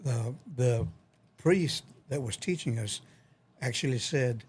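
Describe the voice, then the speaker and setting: Husky older man, halting storyteller. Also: mid-range voice, a little mellow. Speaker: guest grandfather. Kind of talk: casual conversation.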